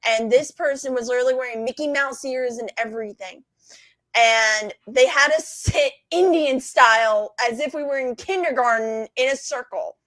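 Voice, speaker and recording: Woman guest, high voice, dry close mic; animated storyteller who swears freely. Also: normal speed, no echo. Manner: animated, swears freely, laughs between lines. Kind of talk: casual storytelling.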